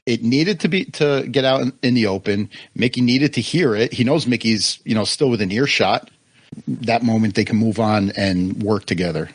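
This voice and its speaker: A man's voice: mid-range voice, moderate pace, no room sound. A man co-hosting a podcast, chatting and analysing a film casually. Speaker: podcast co-host.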